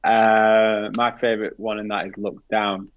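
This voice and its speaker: A man's voice: lowish voice, level tone, measured pace. A chatty man, guessing answers in a casual quiz. He talks easily and calls people mate. His voice comes through dull and lo-fi. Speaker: quiz contestant. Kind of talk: casual chat. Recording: dull lo-fi sound.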